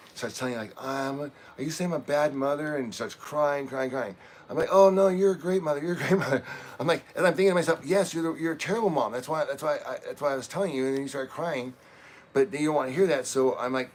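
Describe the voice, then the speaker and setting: A middle-aged man from Oregon, USA, hosts a livestream and shares personal family stories in a casual, rambling way, chuckling even through heavy topics. His voice is medium-pitched, with a little hiss or hum on the recording.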